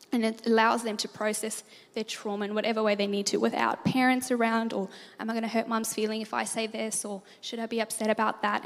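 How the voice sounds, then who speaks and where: A woman giving a church talk, animated and laughing easily as she tells stories. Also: a little high, gravelly, long reverb tail. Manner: animated storyteller, laughs often. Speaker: church speaker.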